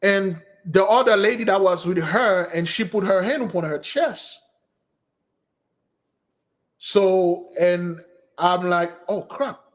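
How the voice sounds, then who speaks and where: A man hosting a spiritual channel, telling rambling personal stories in a casual, animated way and answering viewer questions, often restarting sentences and jumping up in pitch to quote women. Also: takes it slowly, long pauses. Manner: jumps to a higher voice when quoting women. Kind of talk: casual storytelling and Q&A stream.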